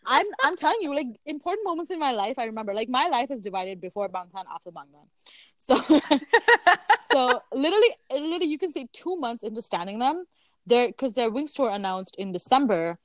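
A young woman from Canada chatting casually, telling a story in an animated way, acting out her own quotes and laughing often. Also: high voice, a little fast, dry recording. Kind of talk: casual chat.

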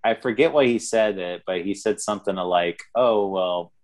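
A man with a notably low voice co-hosts a casual film podcast. He talks loosely, circling back with fillers and restarts as he recalls scenes. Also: fairly quick, a little mellow. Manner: rambling, many fillers and restarts. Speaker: podcast co-host. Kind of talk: casual movie review chat.

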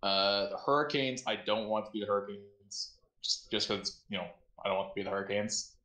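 A man with a lowish voice talks sports in a casual, laid-back way, hedging with lots of uhs. He sounds like he's in an echoey room. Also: brisk, bright, forceful tone. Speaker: podcast co-host.

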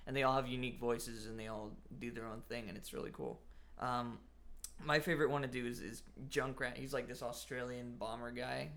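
A man's voice: medium pitch, fairly even intonation, fairly quick, gravelly, a bit bright. A young man, a college student, in casual chat, laid-back and full of filler words, laughing often. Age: young adult.

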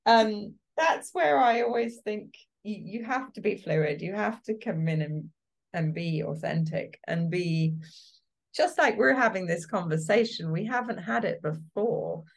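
A woman's voice: medium pitch, a little slow. A woman working as a casting director, talking animatedly as an interview guest and laughing often. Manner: animated, laughs often, acts out quoted reactions. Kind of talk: interview guest, casual conversation.

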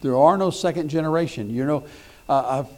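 At a moderate pace, a middle-aged man whose voice sits on the high side preaches a sermon. His folksy storytelling, with its repeated words and restarts, builds toward loud, emphatic points.

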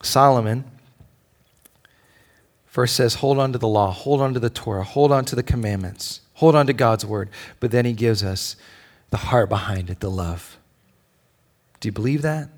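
In a sermon, a pastor who has children relates a personal story at normal speed and medium pitch, pausing often. He moves animatedly up and down, dropping close to a whisper when it gets tender.

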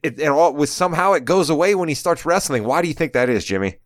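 A man co-hosting a casual podcast about wrestling over a remote call. He talks in an animated, joking way and wanders off into long asides. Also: on the high side, fast, no room sound, clean studio sound. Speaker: podcast co-host.

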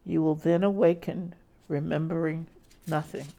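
A woman voicing a cold, controlling masked hypnotist who speaks slowly and commandingly through a muffled voice. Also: deep voice, fairly even intonation, vocal fry, dark tone.

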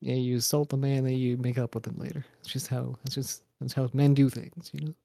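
A man's voice: medium pitch, level tone, fairly quick, creaky, warm tone, no room sound, studio quality. A young man co-hosting a casual wrestling podcast, laid-back, laughing often and swearing freely. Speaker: podcast co-host.

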